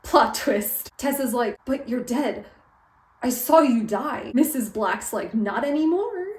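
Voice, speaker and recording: A woman's voice: on the high side, slow pace. Chatty young woman recapping a book. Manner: chatty, lively retelling with quoted character voices and frequent "like". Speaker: book vlogger. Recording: echoey room.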